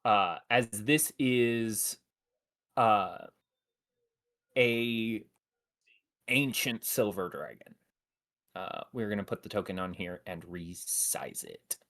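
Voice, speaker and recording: A man running a tabletop game on a live stream, narrating with many pauses and fillers. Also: on the low side, a bit bright. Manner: hesitant, many fillers, apologetic. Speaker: game master.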